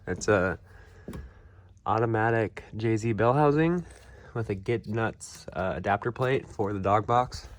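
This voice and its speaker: A man's voice: fairly low pitch, unhurried. A young man talking casually through a car build in a workshop, laid-back and chatty with car slang. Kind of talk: casual build vlog narration.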